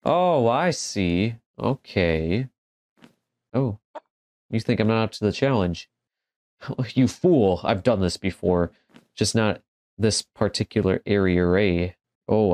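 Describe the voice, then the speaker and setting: A man's voice: fairly low pitch, dry recording. A man giving casual let's-play commentary, joking and exclaiming as he talks back to the game. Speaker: gaming commentator.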